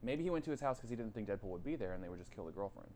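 A man's voice: on the low side, lively intonation, rapid-fire, a little mellow. A man co-hosting a casual podcast chat, recapping things with a dry, joking, rambling manner. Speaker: podcast co-host.

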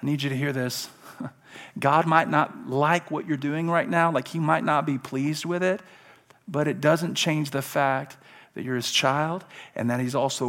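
A man, preaching a sermon as pastor, dropping to hushed tender stretches and rising to loud impassioned ones. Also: a little high, steady tone, normal speed. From Alabama.

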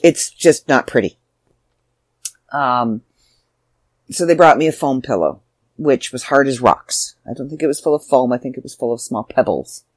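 A woman's voice: very deep voice, expressive, moderate pace, long pauses, dry recording. A woman, hosting her own podcast as an author, chatty and self-deprecating, sounding tired. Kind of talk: casual solo podcast chat.

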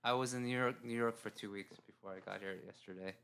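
A man's voice: medium pitch, fairly even intonation, quick pace, gravelly, a bit bright, clean tone. A male singer-songwriter guest in casual chat, easygoing and hesitant, often trailing off.

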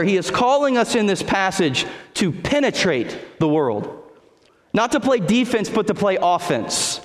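Male pastor with a high voice, earnest emphatic sermon delivery, long echo of a church hall. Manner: earnest preaching with slow, emphatic repetitions. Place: church sanctuary.

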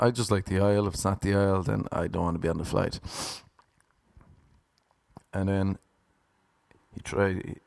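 A man's voice: on the low side, gravelly, no echo, studio quality. Ranting man telling a story. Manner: ranting, profane, animated. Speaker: vlogger. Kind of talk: casual storytelling to viewers.

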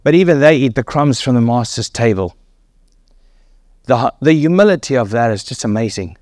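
A man's voice: medium pitch, lively intonation, normal speed, darkish tone, dry recording, clean studio sound. A man preaching a sermon, emphatic and repetitive, voice climbing sharply on key words.

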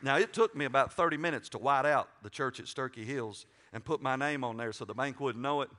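Middle-aged preacher, bright tense voice, jokey, goes loud then drops to a whisper. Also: male voice, mid-range voice, fairly quick, some chatter behind. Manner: folksy and joking, swings from loud to whispered asides. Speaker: pastor. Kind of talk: sermon.

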